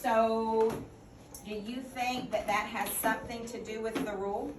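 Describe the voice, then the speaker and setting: Slow teacher in an echoey classroom. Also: female voice, fairly high pitch, fairly even intonation. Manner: patient, questioning, drills answers back. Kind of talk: classroom phonics lesson. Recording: echoey classroom from a distant mic with noise.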